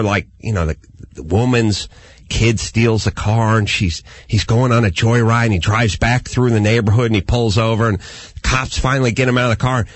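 Husky, animated man ranting. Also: no room sound. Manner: animated ranting, mimics people in high yelps. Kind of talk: casual comedic talk.

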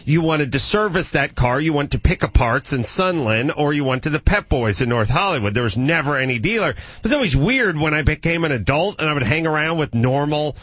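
A man's voice: brisk, few pauses, breathy edge, dry recording. A man in his thirties from the San Fernando Valley, telling a comedic story in casual chat and jumping into incredulous shrieks. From the San Fernando Valley, California. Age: 30s. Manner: animated, jumps to shrill incredulous shrieks when acting out his disbelief.

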